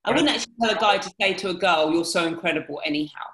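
Woman dating-coach type, frank and animated, acts out quotes, echoey room. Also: on the low side, racing. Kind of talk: casual podcast chat.

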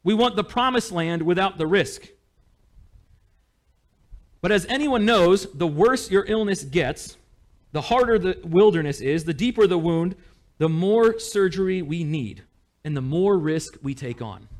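A man preaching a sermon as pastor, in a conversational, animated way. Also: sits high, measured pace. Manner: conversational, animated, with small laughs.

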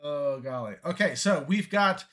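A man co-hosting a comedy show, casually making up an action movie pitch on the spot. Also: expressive, measured pace, fairly bright tone. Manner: casual, winging it, upbeat. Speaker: comedy podcast co-host.

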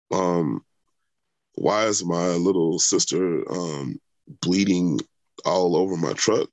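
A man's voice: low voice, dry recording. A young adult man telling a long personal story in conversation, rambling with many fillers and restarts. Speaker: interviewee.

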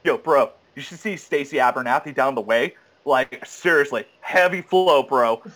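A man putting on the voice of a brash, crude bro, loud and slangy. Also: medium pitch, moderate pace, close to an everyday voice. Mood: crude bravado.

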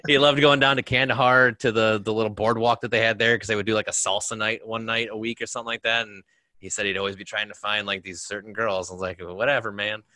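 Man, low pitch, bright voice, dry close sound, rambling storyteller with fillers. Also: little pitch movement, fast, dry recording. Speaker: veteran guest. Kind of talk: casual conversation.

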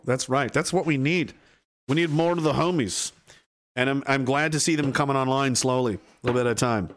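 A young man casually chatting on a livestream and reading out chat messages, crude and profane, switching into mock rants and high-pitched yells. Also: fairly quick.

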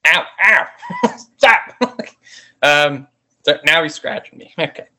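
Lively bright-voiced man, laughing recap. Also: fairly high pitch, slow. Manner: laughs often, swears, retells scenes in acted quotes. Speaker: podcast co-host. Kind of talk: casual movie recap chat.

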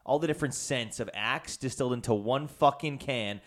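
A man's voice: mid-range voice, brisk, fairly bright tone. A man in casual chat, telling a rambling story full of swearing and restarts. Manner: rambling, profane ranting storyteller.

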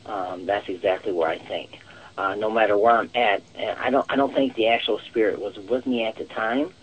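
A man's voice: on the low side, fairly even intonation, moderate pace, poor audio. A man talking as a psychic guest in a casual interview, rambling and leaning on the word "actual" again and again. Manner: rambling, repeats "actual" often.

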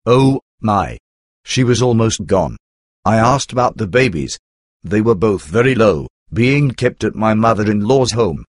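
A man's voice: on the low side, dry recording, studio quality. A man narrating his own life story in the first person, earnest and emotional, with sighing asides.

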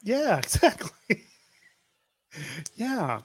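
A man's voice: high-pitched, huge pitch swings, extremely slow, fairly bright tone. A man co-hosting a podcast, telling rambling stories in casual chat and laughing often. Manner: rambling, laughing storyteller with restarts. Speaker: podcast co-host.

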